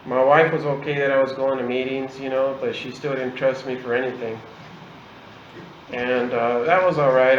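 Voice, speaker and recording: Middle-aged man, meeting speaker, relaxed conversational testimony, mid pitch, roomy recording with faint background noise. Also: dull audio. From Southern California. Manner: conversational, lots of "you know" and "man". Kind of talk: personal testimony. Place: meeting room.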